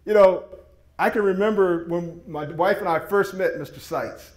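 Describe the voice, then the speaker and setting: A man's voice: high voice, normal speed. A man giving an enthusiastic, folksy sales presentation with slides to a seated audience. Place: meeting room with audience. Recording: echoey room.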